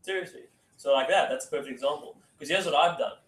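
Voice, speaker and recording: Talking fast in a fairly high voice, a man runs a casual sales training session for a room, acting out phone calls and saying "okay" again and again. The mic sits far off in an echoey room.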